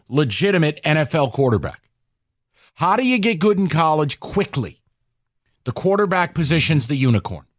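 A male sports talk radio host defending his pick, sarcastic and combative. His voice sits a little high and leaps around in pitch. The studio sound is dry and close. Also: dry recording. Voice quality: sarcastic, animated, argumentative.

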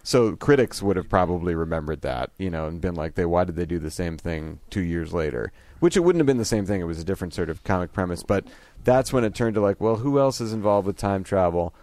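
A man, a guest comedy writer, chatting casually and telling animated stories with quick laughs, acting out quotes. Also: low voice, no echo. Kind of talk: casual chat.

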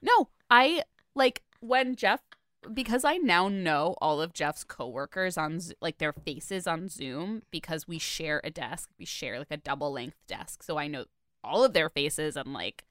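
Smooth-voiced rambling woman co-host. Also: low-pitched, expressive, measured pace, a bit bright, no room sound, clean studio sound. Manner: rambling, filler-heavy, self-deprecating. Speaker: podcast co-host. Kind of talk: casual chat.

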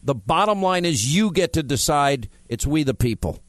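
Talk radio host, male, slightly high voice, dry close mic, blunt and emphatic. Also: animated, moderate pace, dry recording. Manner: blunt, emphatic, teasing callers. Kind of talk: talk radio, taking calls.

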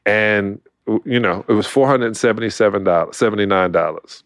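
A middle-aged man from Brooklyn, an animated storyteller who acts out quotes and laughs often, talking as a guest in a casual interview. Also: on the low side, moderate pace, dry recording, studio quality. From Brooklyn, New York. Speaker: guest, former basketball player.

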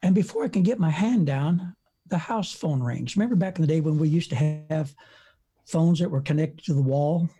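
Husky-voiced preacher in his seventies. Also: fairly high pitch, normal speed, warm tone. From United States. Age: 70s. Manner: folksy, rambling storyteller with frequent uh fillers. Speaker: evangelist preacher. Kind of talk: storytelling in an interview. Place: home front porch.

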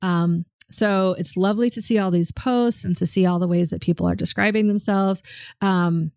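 A woman's voice: medium pitch, steady tone, moderate pace, gravelly, a little mellow, smooth, dry recording, studio quality. A woman co-hosting a casual chat, talking thoughtfully with frequent ums and restarts. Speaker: podcast co-host.

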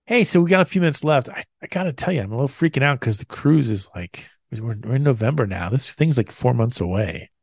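A man's voice: mid-range voice, lively intonation, fast, gravelly, few pauses, slightly rough, dry recording, clean studio sound. A man co-hosting a podcast in casual chat, often stumbling and repeating words as he thinks. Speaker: podcast co-host.

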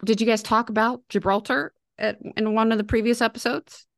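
A woman co-hosting a podcast in casual chat, relaxed, with short replies and frequent laughter. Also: on the high side, a little fast, creaky, no echo, clean studio sound. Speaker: podcast co-host.

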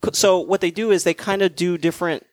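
This podcast co-host speaks in a high, steady voice at a quick pace while chatting casually. His talk rambles and is full of fillers, and the recording is studio quality with no echo.

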